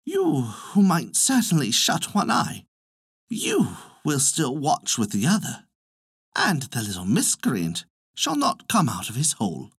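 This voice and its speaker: A man doing a weary female owl keeping watch in a spoken folk tale, musing quietly to herself. The voice stays close to the narrator's own, lifted a little, and the recording is dry and close. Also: fairly high pitch, huge pitch swings, measured pace, gravelly, slightly rough, dry recording, exaggerated voice.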